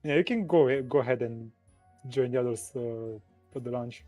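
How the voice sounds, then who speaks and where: An easygoing player, a man with a mellow, warm voice recorded close and dry. He speaks his character's lines casually, laughing often, with faint music in the background. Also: mid-range voice, moderate pace, dry recording. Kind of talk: role-playing a character in a tabletop game.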